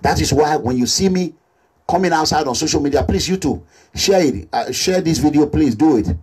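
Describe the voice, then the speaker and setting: A man with a Nigerian accent delivers an impassioned social media appeal, recorded as a selfie video indoors. His husky voice sits fairly high and leaps around, and he repeats his points and drifts into Pidgin English. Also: fairly quick. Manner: animated, repetitive, mixes Pidgin English. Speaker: political activist. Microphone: phone or camera selfie video.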